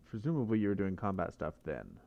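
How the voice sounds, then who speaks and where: A man's voice: low voice, big pitch swings, fast talker, gravelly, dull audio. A man playing a mystery game, muttering and reasoning aloud to himself in casual commentary. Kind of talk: casual let's-play commentary.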